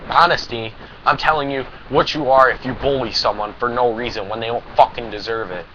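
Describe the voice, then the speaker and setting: A teenage boy vents in a rambling, emphatic rant full of swearing. The recording is dull and lo-fi, with a clear layer of noise and passing vehicles behind him. His pitch sits in an ordinary middle range for a young man. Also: fairly even intonation, brisk, pushed and bright. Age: teens. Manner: profane, rambling, emphatic ranting. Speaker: vlogger. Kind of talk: anti-bullying rant to camera.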